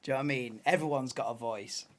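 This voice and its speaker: A man's voice: medium pitch, fast. A man in his thirties hosting a live stream, ranting and laughing in casual chat. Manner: ranting, laughing, animated banter. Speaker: livestream host.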